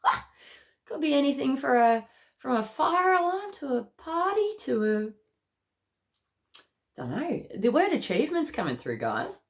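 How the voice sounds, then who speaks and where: A woman's voice: high-pitched, very animated, a little slow, pauses often. An Australian woman with a cough, giving a casual, bubbly spiritual card reading full of slang and laughter. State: has a cough. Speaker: tarot card reader.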